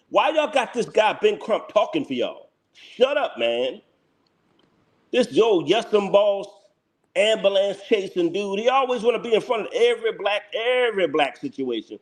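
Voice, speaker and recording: A man hosting his own channel, giving blunt, heated live reaction commentary that repeats its points and breaks into laughter. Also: high-pitched. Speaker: channel host.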